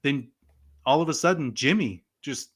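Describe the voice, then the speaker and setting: A man co-hosting a casual podcast, talking in an animated way with lots of "like" and "you know". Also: fairly high pitch, normal speed, slightly rough. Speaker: podcast co-host. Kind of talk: casual wrestling podcast chat.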